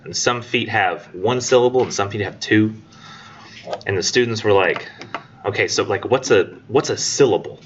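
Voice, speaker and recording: A man's voice: on the low side, moderate pace. A man lecturing his college English class in a loose, joking, rambling way, slipping into voices for his students. The sound is dull and lo-fi, with a faint hum of the room behind him.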